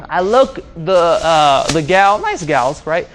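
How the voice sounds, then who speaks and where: A man's voice: on the high side, sing-song, slow pace, fairly bright tone, a little hiss or hum. A man leading a communication workshop, asking the room questions and repeating his key points. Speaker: communication trainer. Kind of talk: live workshop instruction. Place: training room with audience.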